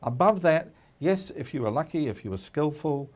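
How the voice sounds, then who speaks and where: A middle-aged man with a New Zealand accent giving measured, emphatic political commentary in a studio discussion, often restarting phrases. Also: a little high, animated, a little mellow.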